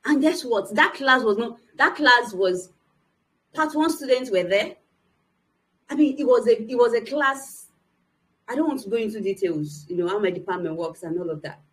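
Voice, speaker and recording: A woman's voice: on the high side, moderate pace, fairly bright tone, low-quality recording. A young adult woman, a motivational speaker, giving an earnest, emphatic personal testimony to young people.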